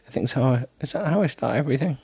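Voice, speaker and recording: A man's voice: medium pitch, lively intonation, racing, gravelly, dark tone, breathy edge, dry recording. A man hosting a solo podcast, rambling in a self-deprecating way with many ums and restarts, sounding tired. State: tired, yawning. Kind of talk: rambling casual monologue.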